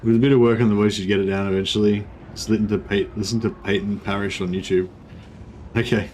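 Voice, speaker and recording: A man's voice: lowish voice, fast, low-quality recording. A man streaming a strategy game, commenting casually in a rambling, self-interrupting way and swearing now and then. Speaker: gaming streamer. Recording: steady background noise.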